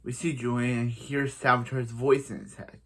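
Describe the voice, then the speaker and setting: Man reviewer, casual recap, rambling delivery, mid pitch, lots of false starts. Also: flat delivery, moderate pace. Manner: rambling, frequent restarts and "so yeah". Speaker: TV episode reviewer.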